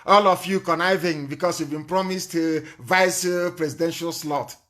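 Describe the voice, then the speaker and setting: Nigerian guy ranting on a live broadcast, high voice, angry accusing tone, bursts out loud. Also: fairly even intonation, moderate pace. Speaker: political activist giving a live broadcast. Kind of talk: impassioned live broadcast speech.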